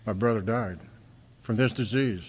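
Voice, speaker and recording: An American man from Fresno, California, giving an earnest personal testimony at a recovery meeting, halting often and repeating words as he restarts. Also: lowish voice, slightly rough. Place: large hall at a convention. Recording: reverberant hall recording.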